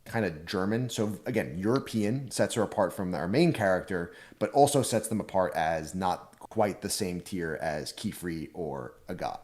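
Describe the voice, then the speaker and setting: A man co-hosting a podcast, explaining his views in a measured, analytical way. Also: low voice, lively intonation, a little mellow. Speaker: podcast co-host. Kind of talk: casual chat.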